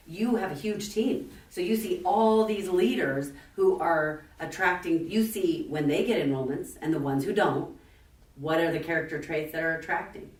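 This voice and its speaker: Woman host, chatty n encouraging, echoey room, a bit far from the mic. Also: low voice. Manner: encouraging, laughs along, asks long questions. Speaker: podcast host. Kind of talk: interview questions in casual chat. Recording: roomy echo, voice off-mic.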